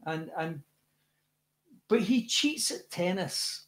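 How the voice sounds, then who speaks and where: A man with a Scottish accent, a rock singer chatting as a guest, telling lively stories with many restarts and repeated words. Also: high-pitched, takes it slowly, background noise. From Scotland. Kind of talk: casual interview chat.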